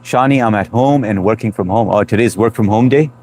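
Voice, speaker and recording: Stream host, man, thirties, low-pitched, loose friendly chat. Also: brisk, darkish tone, slight background noise. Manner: loose and chatty, greets viewers by name. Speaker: livestream host reading chat. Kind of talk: casual live chat.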